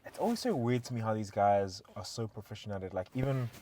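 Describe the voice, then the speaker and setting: A man co-hosting a casual podcast, reacting with quick, bouncy exclamations. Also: lowish voice, sing-song, warm tone. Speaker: podcast co-host.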